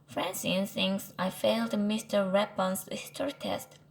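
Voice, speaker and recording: A woman's voice: medium pitch, steady tone, unhurried, vocal fry, slight background noise, rough recording. A woman voicing a worried young boy aardvark who rambles out anxious excuses, read aloud from a storybook.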